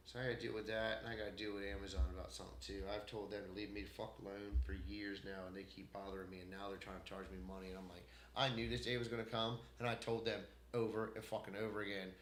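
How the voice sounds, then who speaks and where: A man vents alone on camera in a profane, heated rant. His mid-range voice jumps to loud outbursts and sinks back to grumbling. The room around him is echoey. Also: medium pitch, slight background noise. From United States. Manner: profane, heated ranting with swings in loudness. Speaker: vlogger. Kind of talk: unscripted solo rant.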